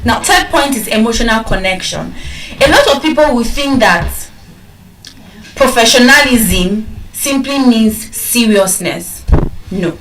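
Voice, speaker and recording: A woman with a Nigerian accent giving an animated speech to an audience, acting out customer calls as she tells stories. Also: on the high side, a little slow, a little hiss or hum. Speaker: public speaker. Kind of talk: motivational speech. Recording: echoey hall from far off.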